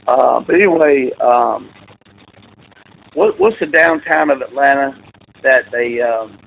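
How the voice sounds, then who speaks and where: Male coach guest, gravelly, lively storyteller, tinny remote line. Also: medium pitch, slow. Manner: rambling, animated storyteller who acts out quotes. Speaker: football coach. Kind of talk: casual storytelling interview. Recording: tinny phone-like line with faint noise.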